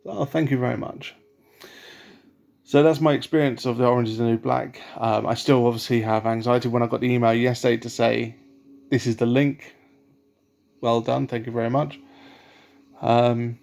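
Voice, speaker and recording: A man telling a personal story in a casual vlog, rambling with many fillers and restarts in a soft, self-conscious way. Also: mid-range voice, little pitch movement, normal speed, creaky. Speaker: vlogger.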